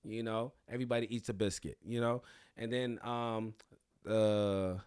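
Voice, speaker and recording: In a smooth, unhurried, lowish voice, a young man hosting a podcast spins a crude, funny tale packed with profanity and boasting. The animated delivery comes through in clean studio quality with no echo.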